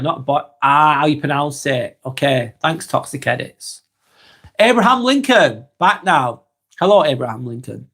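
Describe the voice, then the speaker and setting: A man in his forties with a Lancashire accent, hosting a calm live vlog and reading comments while he has a cold. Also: fairly high pitch. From East Lancashire, England. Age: 40s. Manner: unhurried, reflective, musing aloud with tag questions.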